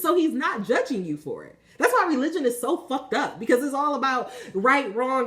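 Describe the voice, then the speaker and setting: A woman's voice: sits high, very animated, normal speed, few pauses, a bit bright. A woman giving a spiritual tarot reading, talking passionately and casually, swearing freely and preaching to her viewers. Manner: casual, conversational. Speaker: tarot reader.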